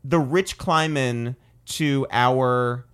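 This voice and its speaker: A man hosting a podcast. He is upbeat, laughs often, and slips easily into promo-style pitches to listeners. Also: extremely slow, a bit bright, clear, resonant tone. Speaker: podcast host. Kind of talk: casual podcast chat.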